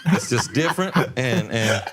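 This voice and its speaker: A man's voice: mid-range voice, expressive, normal speed, heavy background noise. A man telling a funny travel story in casual chat, laughing often as he goes.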